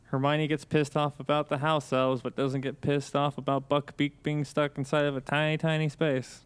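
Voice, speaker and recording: A man's voice: on the high side, level tone, normal speed, clean tone, no room sound. A man co-hosting a podcast in casual chat, joking and swearing freely. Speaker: podcast co-host and editor.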